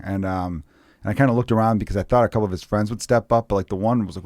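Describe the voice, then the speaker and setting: A man in his thirties telling profane, animated stories as a comedian guest on a casual podcast. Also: on the low side, fast talker, no echo. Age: 30s.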